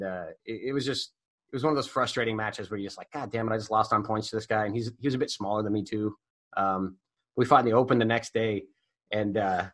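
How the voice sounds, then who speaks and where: A man with a bright, forceful voice tells a story as a guest in casual talk. His delivery is animated and profane, with plenty of filler words, and his pitch sits in an ordinary middle range. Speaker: guest telling stories.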